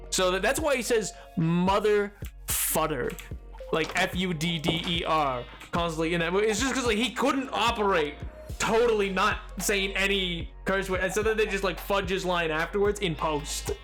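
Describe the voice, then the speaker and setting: A man with a high-pitched voice chats loosely while livestreaming a game. He rambles from thought to thought and breaks into laughter often, with faint music playing underneath. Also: moderate pace, a bit bright. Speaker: streamer.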